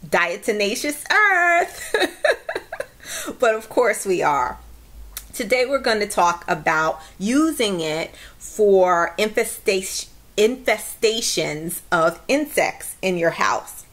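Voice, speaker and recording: A woman's voice: medium pitch, expressive, slow. Bubbly giggly woman vlogging, voice swoops up and down a lot, takes her time. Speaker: vlogger reviewing a product. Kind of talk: casual chat to camera.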